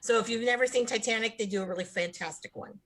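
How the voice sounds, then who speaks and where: A woman's voice: a little high, quick pace, a bit bright. A woman co-hosting a wrestling podcast, chatting enthusiastically and rambling. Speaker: podcast co-host. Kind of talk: casual chat.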